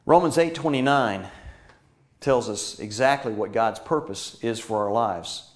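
An earnest male preacher delivering a sermon to his congregation. He pushes some lines with force and lets others sink to a hushed, intimate murmur. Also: mid-range voice, a little slow. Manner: earnest, swings from emphatic to hushed.

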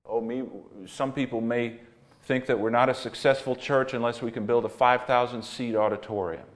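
A male pastor delivers a sermon in a mid-range voice, moving between quiet reflection and emphatic repetition. His storytelling is earnest and steady. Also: medium pitch, moderate pace.

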